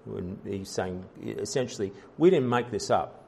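A man's voice: lowish voice, a little slow, vocal fry, a little mellow, husky. A man preaching a sermon as pastor, in an earnest style with frequent fillers, restarts and rising emphasis.

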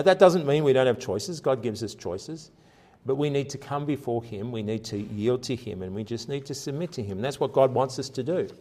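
A man preaching a sermon in an earnest, conversational way, rising for emphasis and dropping soft for quiet passages. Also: medium pitch. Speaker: pastor.

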